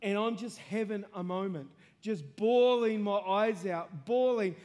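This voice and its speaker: A man preaching a testimony sermon, telling his story earnestly and building to impassioned shouting. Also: sits high, a little slow.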